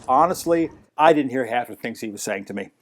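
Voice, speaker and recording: A man telling animated anecdotes in an interview, mimicking the people he quotes. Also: medium pitch, brisk. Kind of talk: storytelling interview.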